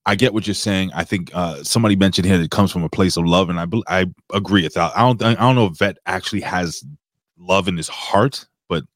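Low-voiced guy rambling and swearing on a podcast, dead dry mic. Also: a little fast, no echo. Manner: blunt, profane, rambling. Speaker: wrestling podcast co-host. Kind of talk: casual chat.

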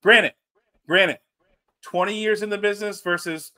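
A man from South Louisiana, co-hosting a casual wrestling podcast, animated and chatty. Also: high-pitched, measured pace. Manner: animated, drops into mock Cajun voices. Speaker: podcast co-host.

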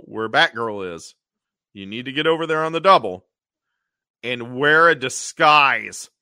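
A man co-hosting a podcast, recapping an old TV episode in an animated way, acting out the characters' lines and often clearing his throat. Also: medium pitch, no echo, studio quality. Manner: animated storytelling, acting out quotes in funny voices. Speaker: podcast co-host.

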